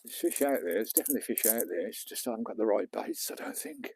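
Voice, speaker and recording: A British man chatting casually on a live stream while he fishes on a beach. His voice is dark and mellow, recorded dry and close, and he jokes with viewers and swears now and then. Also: on the low side, wildly swooping pitch, quick pace, gravelly, breathy edge, no room sound. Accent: British English. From England. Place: outdoors on a beach at night.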